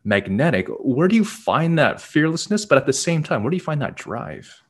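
A man hosting a podcast, asking a guest admiring questions in a relaxed way. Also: fairly high pitch, normal speed, husky. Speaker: podcast host. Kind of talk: casual interview questions.

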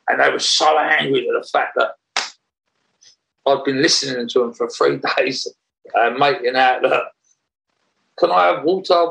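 Gravelly man telling a story. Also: mid-range voice, poor audio. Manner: animated, laughs while telling, rambling restarts. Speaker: interview guest. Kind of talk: casual storytelling in an interview.

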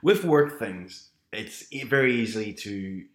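Lower-voiced man, echoey room. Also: expressive, measured pace, a bit bright. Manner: advice-giving, storytelling with frequent restarts. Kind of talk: casual chat. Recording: roomy echo.

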